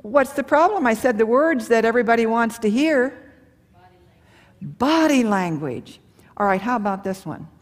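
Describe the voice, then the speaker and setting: A middle-aged woman giving a live seminar on marriage and communication, talking folksy and animated, with rhetorical questions and acted-out quotes. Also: on the high side, normal speed. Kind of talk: seminar talk to a live audience. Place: large hall or church with an audience. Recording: live hall with long reverb.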